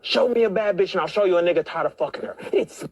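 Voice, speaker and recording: A man ranting crudely for laughs about his girlfriend, mimicking women in a high voice. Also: fast. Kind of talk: comedic rant.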